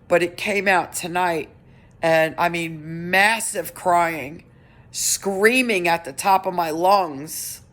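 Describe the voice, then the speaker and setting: A middle-aged woman giving a personal update on her vlog, talking in an earnest, halting way with many restarts. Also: on the low side, a bit bright. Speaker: vlogger.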